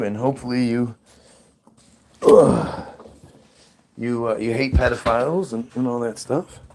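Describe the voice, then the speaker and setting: Slow-talking man rambling outdoors. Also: medium pitch, darkish tone, a little hiss or hum. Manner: profane, stammering, repeats himself. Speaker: vlogger. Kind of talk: casual rambling monologue. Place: outdoors in freezing weather.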